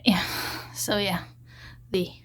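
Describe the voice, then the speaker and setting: Slow-talking rambling woman vlogger. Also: medium pitch, flat delivery, fairly bright tone. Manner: emotional, rambling, with halting restarts. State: unwell, recovering from side effects. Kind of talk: casual unboxing vlog.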